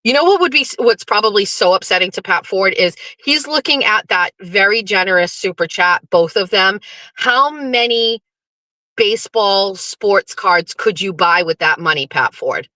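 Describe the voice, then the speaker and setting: A woman's voice: medium pitch, lively intonation, moderate pace, bright, forceful tone, no echo. A middle-aged woman hosting a live show, chatting casually to her viewers, swearing and talking back to the chat. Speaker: livestream show host.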